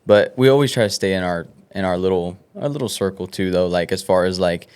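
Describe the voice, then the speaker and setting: Young musician with a smooth low voice. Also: male voice, brisk, a little mellow. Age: young adult. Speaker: band member. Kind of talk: casual interview chat.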